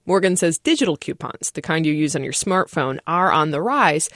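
A woman radio reporter narrating a news feature in a brisk, wry way. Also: low voice, expressive, fairly bright tone, no echo, clean studio sound.

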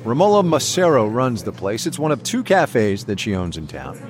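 A man's voice: medium pitch, huge pitch swings, moderate pace. A middle-aged man hosting a public radio business program, talking in a wry, conversational way while on location in a cafe. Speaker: radio show host.

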